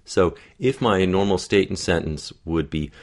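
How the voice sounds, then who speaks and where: Male dialect coach, very low voice, patient explanatory delivery with spoken demonstrations. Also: moderate pace. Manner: explanatory, demonstrates sounds aloud. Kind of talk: accent coaching lesson.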